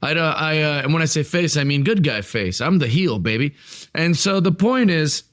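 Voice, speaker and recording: A man's voice: fairly high pitch, expressive, moderate pace, a bit bright. A man with a somewhat raised voice riffs on a wrestling podcast. He swaggers through his lines in playful heel bravado, bragging with comic menace. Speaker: podcast co-host. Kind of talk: comedic casual chat.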